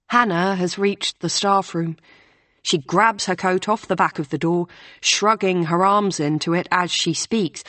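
A woman reading a novel aloud in measured scripted narration. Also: fairly low pitch, steady tone, fairly bright tone, no echo. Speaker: audiobook narrator.

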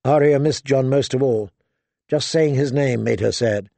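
Gravelly, mellow man reading a fantasy story. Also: mid-range voice, normal speed, no echo. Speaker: audiobook narrator. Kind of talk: storybook narration of a fantasy novel.

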